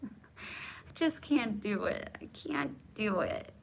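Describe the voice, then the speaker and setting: A woman's voice: medium pitch, animated, slow pace, vocal fry, a little hiss or hum. A woman in her forties hosting a casual livestream, joking and self-mocking as she chats with viewers and laughs often. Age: 40s. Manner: candid, self-mocking and jokey, chatting to commenters by name; laughs often between lines. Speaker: livestream host. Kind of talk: casual live chat with viewers.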